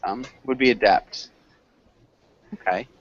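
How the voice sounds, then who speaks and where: A man's voice: medium pitch, slow pace, muffled recording, slight background noise. A man teaching an online English class, patiently coaching students on words and pronunciation.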